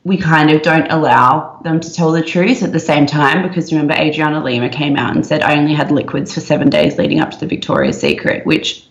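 A woman's voice: low voice, steady tone. Chatty young woman, roomy muffled sound. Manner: chatty, emphatic, fast bursts. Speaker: podcast co-host. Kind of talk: casual chat.

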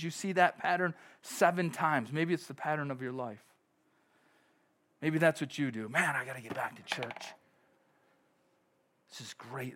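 A middle-aged man preaching a sermon in a fairly high voice. He talks to the congregation like a friend, then breaks into sudden loud bursts. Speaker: pastor.

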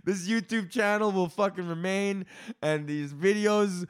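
A man's voice: sits high, unhurried, smooth. A young man hosting his comedy podcast, ranting in a loose, rambling, profane way. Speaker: podcast host. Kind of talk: casual comedic rant.

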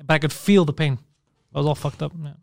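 Fast-talking man with a high-ish voice. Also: vocal fry, no room sound, clean studio sound. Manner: profane, animated storyteller. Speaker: podcast co-host. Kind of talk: casual comedic chat.

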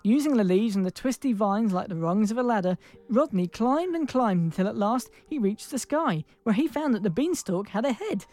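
A woman narrates a comic fairy tale aloud in a playful way. She pauses to laugh when she stumbles and then carries on with the story. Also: fairly high pitch, expressive, dark tone, faint music behind. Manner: playful, laughing at own slips.

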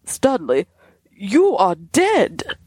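A woman voicing a dazed gentleman motorist. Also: medium pitch, wildly swooping pitch, drawn-out words, husky, no room sound, studio quality, exaggerated voice. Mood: aghast.

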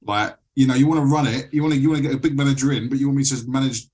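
A man in casual chat. He talks haltingly, restarts often and rises when he gets worked up. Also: medium pitch, fairly even intonation, darkish tone.

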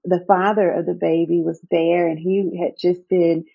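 A woman physician tells her story in a chatty, easygoing way. Her voice is on the low side and gravelly with vocal fry. It is heard through a thin, phone-like line. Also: little pitch movement, normal speed. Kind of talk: interview recollection. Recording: phone-like narrow sound.

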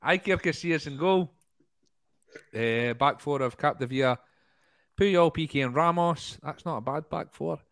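A man's voice: a little high, moderate pace, fairly bright tone, dry recording. A man hosting a casual podcast quiz, reading out answers with plenty of laughing, swearing and banter. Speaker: quizmaster and podcast host.

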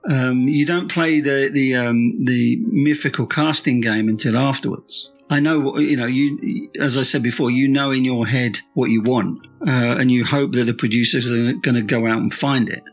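A man with a gravelly, husky voice talks as a guest author in an interview. He rambles through restarts and fillers, heaping on repeated praise. The recording sounds dull and muffled. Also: mid-range voice, moderate pace, hardly any pauses, soft background music. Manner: rambling, with many restarts and "you know" fillers; enthusiastic, repeating words of praise. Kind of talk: candid interview storytelling.

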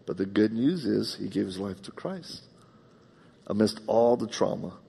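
A man preaches live in a church sanctuary, his voice husky and edged with gravelly fry. He tells personal stories heartfelt, swinging from loud emphatic bursts down to hushed confiding tones. A long hall reverb trails behind every phrase. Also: on the low side, animated, unhurried. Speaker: pastor. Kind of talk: live sermon with personal storytelling.

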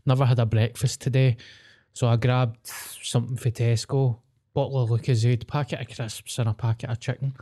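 A man with a warm, mellow voice, co-hosting a podcast. He chats casually and throws in dry, sweary asides. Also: mid-range voice, little pitch movement, a little fast. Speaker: podcast co-host. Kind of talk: casual chat.

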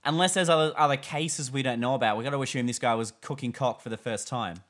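A man's voice: mid-range voice, quick pace, fairly bright tone. A man co-hosting a podcast, talking casually with dry humor and many fillers. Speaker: podcast co-host.

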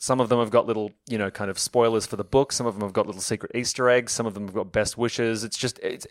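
A young man talks quickly and with lots of enthusiasm, slipping in jokes as he goes. His voice sits at an average pitch, and the recording is dry and close. It sounds like a casual podcast chat. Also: no room sound. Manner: chatty, enthusiastic, jokey. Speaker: podcast co-host and author.

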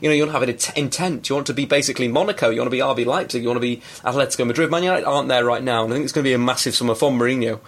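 A man's voice: medium pitch, very fast, hardly any pauses. A man hosting a casual football podcast, talking in a chatty, opinionated way. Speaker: podcast host.

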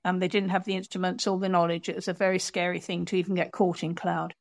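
A woman author telling an animated story in an interview, acting out the people she quotes. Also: fairly low pitch, fast, gravelly, no room sound. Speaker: author and guest.

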